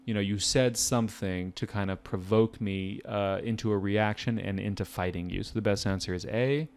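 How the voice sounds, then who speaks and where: A man's voice: lowish voice, moderate pace, clean tone. Chatty American man tutoring vocabulary. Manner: relaxed, chatty, jokey asides. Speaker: test prep tutor. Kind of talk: casual vocabulary lesson.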